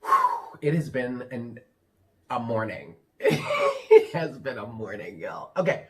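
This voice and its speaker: A man, a tarot reader, casually telling his viewers a story from his room, animated and swearing freely while addressing them as "y'all". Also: medium pitch, takes it slowly. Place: his room with the door closed.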